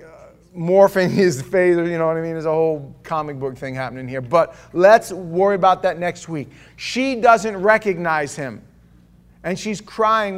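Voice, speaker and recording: A middle-aged pastor with a voice on the high side preaches a sermon. He reads scripture aloud, then breaks off into animated, conversational asides and jokes.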